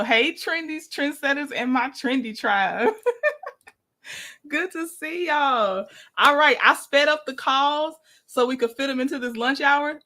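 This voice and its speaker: A chatty woman hosts a livestream in a fairly high, bright, forceful voice. She laughs often and greets viewers by name during her casual commentary.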